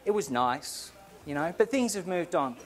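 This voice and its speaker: A middle-aged Australian man speaks from a conference stage in a slightly high voice. His talk is casual and self-deprecating, dotted with ums and you-knows. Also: lively intonation, moderate pace, soft background music. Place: conference hall.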